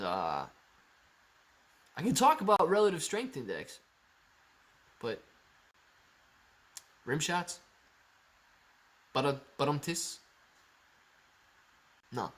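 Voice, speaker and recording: Man, young adult, from Ohio, livestream host, casual chat, upbeat, jokey, slightly high voice. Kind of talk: casual live chat reading comments.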